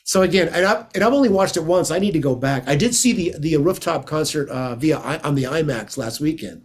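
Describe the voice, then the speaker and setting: A man's voice: a little high, expressive, fairly quick, breathy edge. A man from the United States, a guest guitarist, chatting casually in an interview as an enthusiastic, rambling storyteller.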